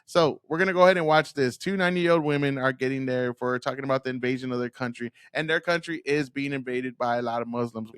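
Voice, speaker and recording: A man's voice: medium pitch, fairly even intonation, quick pace, hardly any pauses, a bit bright, clear, resonant tone, dry recording, studio quality. A man hosting a profane reaction video, ranting in a heated, mocking way and laughing often. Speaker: commentary video host.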